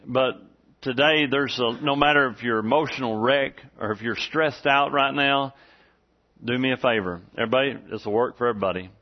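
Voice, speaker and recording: Man, forties, pastor, folksy sermon, plenty of "uh"s, mid-pitched voice, church sanctuary, dull muffled recording. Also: a little fast. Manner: folksy, conversational, full of "uh" fillers. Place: church sanctuary before a congregation.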